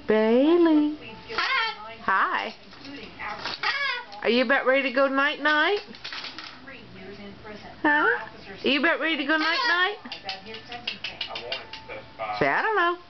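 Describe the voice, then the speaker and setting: An older woman at home, filming her parrot and coaxing it in sing-song baby talk with soft laughs. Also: high voice, expressive, slow, long pauses. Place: home room with a television on. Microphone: home video camera. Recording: lo-fi home video with hiss.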